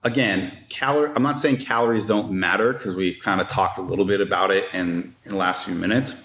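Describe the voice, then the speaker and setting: A man's voice: low voice, fairly even intonation, fairly quick, a bit bright. A man, a strength and conditioning coach and podcast guest, explaining his views in casual conversation, emphatic and full of restarts and rhetorical questions. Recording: roomy echo.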